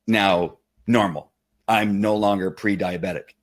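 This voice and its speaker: Excitable man chatting on a live stream. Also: lowish voice, fairly quick. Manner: excitable, chatty, rambling with many restarts. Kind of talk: casual live stream talk.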